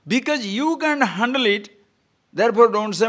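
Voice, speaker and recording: Speaking at normal speed in a voice that sits high, a spiritual teacher from Odisha with an Odia Indian English accent delivers a discourse rich in stories. He comes across animated and playful, posing rhetorical questions throughout.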